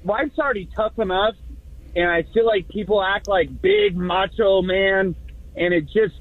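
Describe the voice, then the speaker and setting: A man's voice: sits high, unhurried, no echo. A man in his thirties calling in to a radio show, earnest and easygoing. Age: 30s. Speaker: caller. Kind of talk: call-in conversation. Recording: tinny phone line.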